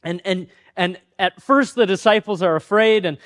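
A pastor with a notably high voice delivers his sermon like a conversation. He pokes fun at himself and briefly acts out the people in his stories. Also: normal speed, fairly bright tone. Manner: conversational, self-deprecating, acts out quoted voices.

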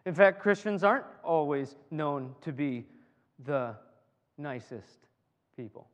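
A man preaching a sermon to a congregation in a lively, joking way, often repeating his words as he builds a point. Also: fairly high pitch, slow pace. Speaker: pastor. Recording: long hall reverb.

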